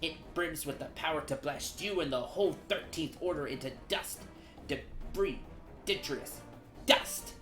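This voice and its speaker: A woman's voice: low-pitched, moderate pace, a bit bright. A woman voicing a timid male kobold miner who pleads anxiously and strings synonyms together. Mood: defiant. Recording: roomy room with game music.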